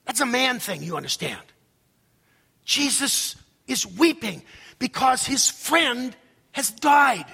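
High, bright-voiced preacher in a hall. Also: male voice, sing-song, slow pace, vocal fry, slightly rough. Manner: dramatic preaching, swinging from loud outbursts to hushed asides. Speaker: pastor. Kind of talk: sermon.

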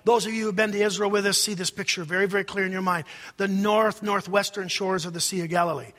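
A man preaching with a very high, bright and forceful voice. He delivers a dramatic sermon, rising to near shouts and dropping to hushed asides. A long reverb hangs around him in a large church hall. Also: fairly quick. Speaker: pastor.

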